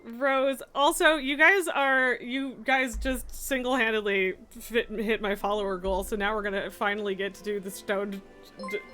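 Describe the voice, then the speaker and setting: A woman live-streaming a game, cooing baby talk to her cat and chatting warmly with viewers. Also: a little high, steady tone, normal speed. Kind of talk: casual live-stream chat. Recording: faint music behind.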